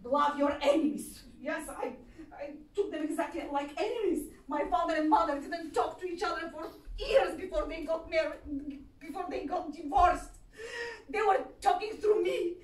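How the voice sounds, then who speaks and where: High-voiced Bulgarian-accented woman on stage. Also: normal speed. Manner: intense, dramatic storytelling. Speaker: stage actress. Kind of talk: theatrical solo monologue. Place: theatre stage, live. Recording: echoey stage from far off.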